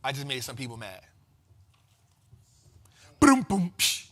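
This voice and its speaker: A man hosting a finance show, giving energetic market commentary in a slangy, emphatic way and repeating lines for effect. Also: medium pitch, slow.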